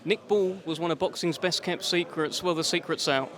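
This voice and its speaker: Brisk male interviewer, higher pitched. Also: crowd noise. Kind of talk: post-fight interview questions.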